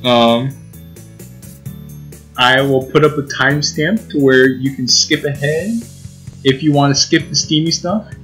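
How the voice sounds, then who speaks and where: Young guy reading a visual novel out loud, chatty and giggly, medium voice. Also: medium pitch, measured pace, long pauses, soft background music, rough recording. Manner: casual, giggly, with restarts and asides. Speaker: let's play host reading a visual novel. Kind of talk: reading game text aloud with commentary.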